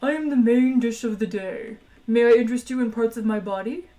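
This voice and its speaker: Woman doing a contented, obliging creature offering himself, odd timbre, a touch high, faint music behind. Storybook reading. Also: mellow, distant mic, natural voice, rough recording. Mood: courteous. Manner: courteous, obliging, unhurried. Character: polite male creature bred to be eaten, contented.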